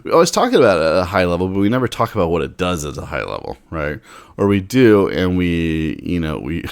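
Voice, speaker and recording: A man's voice: deep voice, very animated, brisk, smooth. A man explaining technology in a casual, conversational way, breaking off into wry asides and restarting his sentences. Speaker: tech speaker.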